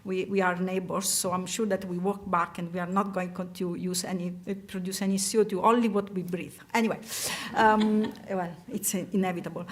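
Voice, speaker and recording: A woman's voice: lowish voice, little pitch movement, a little fast, hardly any pauses. Italian-accented woman, chatty panelist. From Italy. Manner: self-deprecating, many fillers and restarts. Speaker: panelist, engineering professor. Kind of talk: panel talk.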